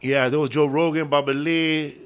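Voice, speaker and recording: A man's voice: fairly high pitch, fairly even intonation, normal speed. A man, a comedian guest, chatting casually and rambling with many fillers and restarts. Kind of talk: casual chat.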